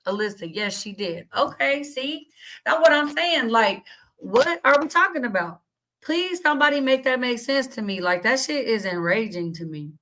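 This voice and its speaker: Woman streamer, profane heated rant, indignant, slightly high voice, talks to chat. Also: animated, moderate pace, a bit bright, rough recording. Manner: blunt, cussing, indignant, reads chat aloud. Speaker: livestream host.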